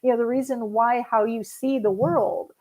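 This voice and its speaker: A woman's voice: on the high side, steady tone, moderate pace, a little mellow. Affirming woman podcast host. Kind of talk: podcast interview.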